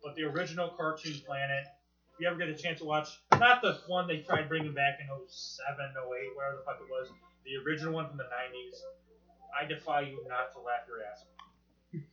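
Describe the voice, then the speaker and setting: Rambling, excitable young man. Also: mid-range voice, a little fast. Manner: rambling, excitable, swears a lot, lots of fillers and restarts. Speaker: podcast co-host. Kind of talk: casual chat. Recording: roomy, muffled podcast recording.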